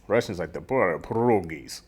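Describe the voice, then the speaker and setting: A man from Detroit co-hosting a casual podcast chat, laid-back and chuckling, acting out slang in quick bits. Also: lowish voice, fairly bright tone, husky. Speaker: podcast co-host.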